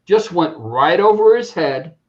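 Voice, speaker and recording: A man's voice: sits high, sing-song, unhurried, muffled recording. A man chatting casually among friends, telling stories and acting out phone calls. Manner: storytelling, acts out phone calls. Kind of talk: casual chat.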